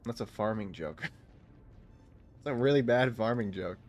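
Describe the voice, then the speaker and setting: A man's voice: fairly low pitch, normal speed, faint music behind. A young man casually commenting while he plays a video game, rambling and joking with frequent laughs. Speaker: gaming streamer.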